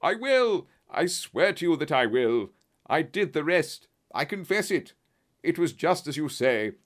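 A man's voice: expressive, normal speed, a bit bright. A man voicing a frantic cornered colonel. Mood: desperate. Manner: pleading, high-strung outbursts. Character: cornered middle-aged male colonel, frantic.

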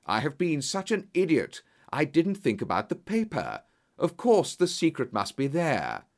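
A man voicing a confident, sharp-minded male detective in a storybook reading, brisk and commanding as he explains. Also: a little high, wildly swooping pitch, voice pushed up, exaggerated voice. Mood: triumphant.

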